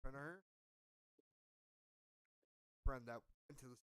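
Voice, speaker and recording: A man's voice: medium pitch, takes it slowly, clear, resonant tone, no echo. A man telling a story on a podcast in a rambling, profane, self-mocking way. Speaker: podcast co-host. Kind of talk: casual storytelling.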